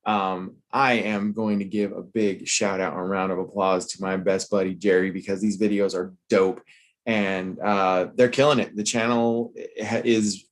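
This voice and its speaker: Playful lower-voiced man hosting a chat. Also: level tone. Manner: playful showman, drawn-out announcer build-ups. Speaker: co-host. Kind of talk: casual review chat.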